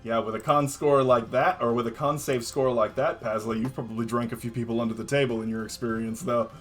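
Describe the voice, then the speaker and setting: A man narrating as game master in a relaxed way, with many fillers and chuckles. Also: mid-range voice, a little fast, faint music behind.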